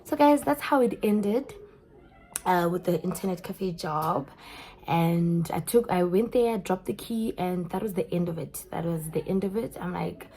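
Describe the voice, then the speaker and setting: A young South African woman with a South African accent, telling a story in an animated way straight to her viewers. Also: lowish voice, a little slow, a little hiss or hum. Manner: animated, keeps addressing viewers as guys. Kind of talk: storytime vlog.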